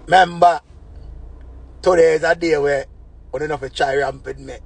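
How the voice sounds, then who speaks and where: A man with a Jamaican accent talking on a phone live stream, rambling in patois with proverbs and shout-outs. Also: a little high, steady tone, moderate pace, vocal fry, breathy edge, no room sound. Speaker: livestream host. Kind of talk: casual live-stream talk.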